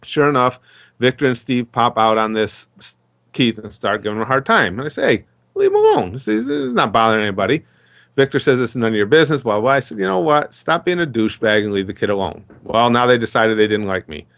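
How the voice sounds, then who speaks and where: A man's voice: mid-range voice, expressive, fast, fairly bright tone. A middle-aged man talking in a casual interview, telling rambling stories and acting out the dialogue. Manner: chatty, rambling storyteller who acts out dialogue. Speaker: interview guest.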